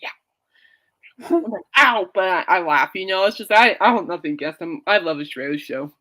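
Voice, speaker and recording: A woman's voice: lowish voice, lively intonation, normal speed, bright, forceful tone. A woman hosting a casual podcast, rambling and laughing often as she chats. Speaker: podcast host. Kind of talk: casual chat.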